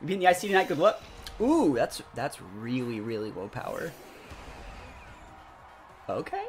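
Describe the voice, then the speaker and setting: A young man commentating his own gameplay live, talking to his chat with sudden loud outbursts. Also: mid-range voice, huge pitch swings, unhurried. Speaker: gaming streamer. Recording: faint music behind voice.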